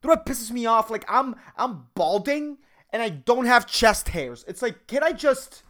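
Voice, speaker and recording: A man's voice: very high-pitched, sing-song, normal speed, a bit bright. Rambling, profane man in his thirties. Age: 30s. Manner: rambling, profane, says "dude" and "man" constantly; jumps between topics, self-mocking. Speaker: podcast host. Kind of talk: solo casual rant.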